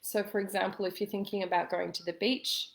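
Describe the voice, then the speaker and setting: A woman coaching listeners in a calm, gentle way, giving a spoken self-help lesson with slow pauses. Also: medium pitch, gravelly. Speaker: intuitive coach.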